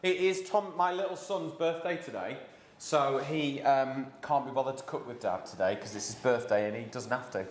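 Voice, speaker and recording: A man's voice: medium pitch, normal speed, roomy sound. A man hosting a live cooking class from his home kitchen, chatting and joking with his daughter while he explains each step.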